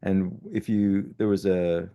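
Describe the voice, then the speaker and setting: Podcast guest, man in his 60s, low gravelly voice, lively storyteller who restarts sentences. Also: slow pace, dull audio. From born in Italy, raised in the United States. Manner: animated, self-correcting storyteller. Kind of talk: casual storytelling interview.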